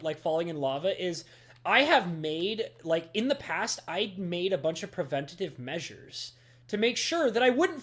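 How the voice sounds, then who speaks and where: A young woman streaming a game, chatting casually in an animated, rambling way with lots of fillers. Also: lowish voice. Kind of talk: casual gameplay stream chat.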